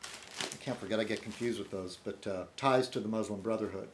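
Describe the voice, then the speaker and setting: A man's voice: lowish voice, brisk, a little hiss or hum. A man video blogger talking through a rambling casual monologue, meandering with many restarts and frequent laughs.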